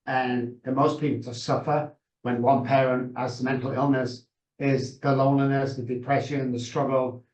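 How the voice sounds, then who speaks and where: A man's voice: mid-range voice, level tone, moderate pace, a little mellow. A middle-aged man, a guest on a video call, telling his story with passion and emphasis. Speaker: guest, addiction consultant. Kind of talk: emotional storytelling. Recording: roomy echo.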